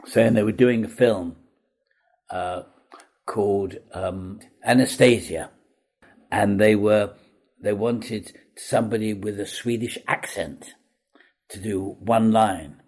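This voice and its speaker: Older man, husky storyteller. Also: fairly low pitch, slow, pauses often. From Wales. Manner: chatty, self-deprecating, lively with hesitations. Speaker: veteran actor guest. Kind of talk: anecdotal storytelling.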